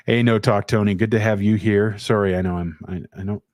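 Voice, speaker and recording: A man with a low, mellow voice hosts a casual live stream. He speaks slowly and haltingly, with plenty of ums and restarts, and greets chat viewers by name. The sound is dry and close. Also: fairly even intonation, no echo. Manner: halting, many fillers and restarts. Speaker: livestream host.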